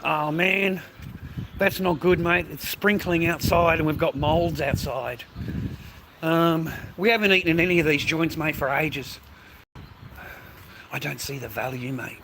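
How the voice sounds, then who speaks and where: A man's voice: fairly high pitch, measured pace, background noise. A middle-aged Australian man vlogging outdoors on a phone, swearing constantly and tagging mate onto nearly every line. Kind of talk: rambling street vlog. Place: outdoors on city streets.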